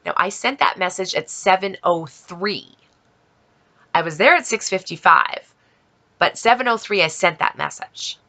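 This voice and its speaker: Bright-voiced woman telling a story. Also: on the low side, unhurried. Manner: animated storyteller acting out both sides of a conversation. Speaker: vlogger. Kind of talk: storytelling vlog.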